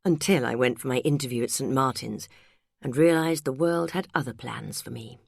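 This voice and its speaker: Woman narrator doing wry self-mocking woman, low voice, dry close sound. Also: normal speed, vocal fry, a little mellow, slightly rough, no echo, exaggerated voice. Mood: wry amused. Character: wry, worldly woman friend, tipsy storyteller.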